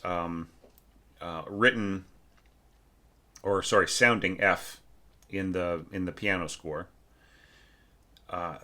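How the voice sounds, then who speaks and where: Deep chatty man giving feedback on a score. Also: bright, forceful tone. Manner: chatty and emphatic, sings phrases aloud to demonstrate. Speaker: orchestration teacher. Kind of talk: casual spoken feedback on a student's score.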